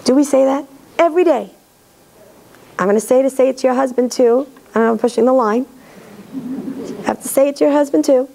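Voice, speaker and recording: A middle-aged woman lecturing in a synagogue, talking directly and lively and acting out parents' voices. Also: sits high, brisk, gravelly, long pauses, slight background noise, rough recording.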